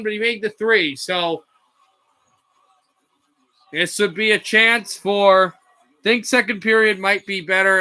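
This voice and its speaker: A man calls a game play by play in a high voice with a sharp edge. He talks fast, stumbles and corrects himself, and shouts when someone scores. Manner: rapid call with slips and self-corrections, rising to shouts on scores. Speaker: play-by-play streamer. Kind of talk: amateur live play-by-play commentary.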